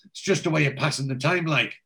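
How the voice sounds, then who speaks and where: A man's voice: fairly high pitch, fast talker, bright, forceful tone, pitched above the performer's own voice. Brief: a man as a humble northern tradesman, mild and a bit hesitant. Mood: modest. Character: modest northern builder lad, plain-spoken.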